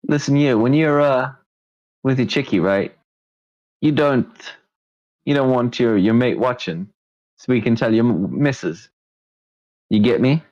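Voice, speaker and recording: A man voicing a gruff, wise male city guard, slangy and knowing. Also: mid-range voice, measured pace, long pauses, a little mellow, dry recording, close to an everyday voice. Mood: sly. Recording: dull lo-fi stream audio.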